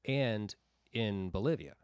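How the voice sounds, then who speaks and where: A low-pitched man chats casually, circling around his points and groping for words. The recording is close and dry, with no room sound. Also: animated, slow, smooth, dry recording. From Rhode Island. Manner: rambling, searches for words. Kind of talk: casual chat.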